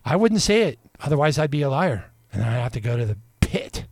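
A man's voice: mid-range voice, big pitch swings, a little fast, a little mellow, dry recording. Preachy male radio host, dry sound. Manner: emphatic, repetitive, preaching. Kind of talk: rambling preachy radio monologue.

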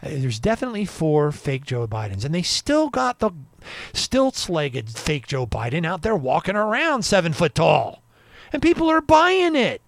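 Animated, indignant male radio host. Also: a little high, normal speed, no room sound. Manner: animated, indignant, swings between loud and quiet. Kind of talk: ranting monologue.

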